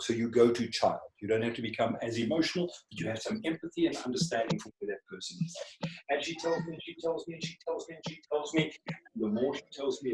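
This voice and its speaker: A man teaching communication skills in an online class, often checking in with his listeners through rhetorical questions. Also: medium pitch. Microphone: video call. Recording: echoey room over a video call.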